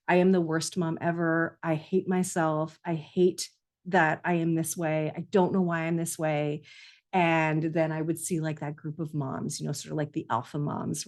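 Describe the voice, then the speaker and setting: A woman parenting coach talking straight to parents, earnest and confiding, often repeating a phrase for emphasis. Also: lowish voice. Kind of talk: heartfelt solo talk to parents.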